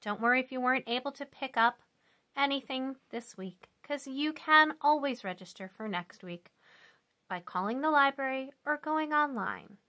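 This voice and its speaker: A woman explaining a children's craft step by step in a clear, friendly, instructional way. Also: high voice, normal speed, pushed and bright.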